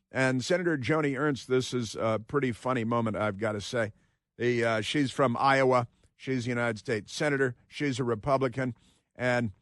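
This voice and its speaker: A man's voice: mid-range voice, no room sound, studio quality. Sarcastic male talk radio host. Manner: sarcastic, mocking. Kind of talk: political talk radio monologue.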